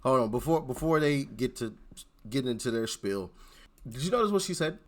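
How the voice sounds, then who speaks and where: A man's voice: mid-range voice, animated, fairly quick, a little hiss or hum. A man hosting political commentary, speaking emphatically and often stuttering over repeated words. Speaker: host.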